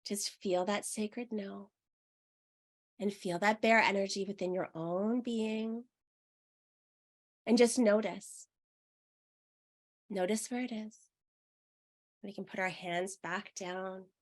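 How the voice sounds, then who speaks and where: A young adult woman leading a guided meditation, speaking slowly and soothingly. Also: medium pitch, fairly even intonation. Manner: slow, soothing and soft-spoken. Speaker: meditation teacher.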